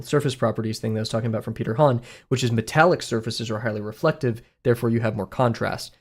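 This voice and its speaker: Rambling young Southern man streaming. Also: medium pitch. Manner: rambling, self-deprecating, chuckles often. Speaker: art streamer. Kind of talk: casual thinking-aloud live stream.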